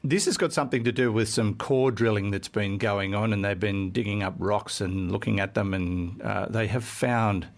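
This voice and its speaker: A man's voice: on the low side, moderate pace, gravelly, hardly any pauses. A man co-hosting a casual chat, talking hesitantly with many fillers and jokes. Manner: hesitant, joking, filler-heavy. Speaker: co-host.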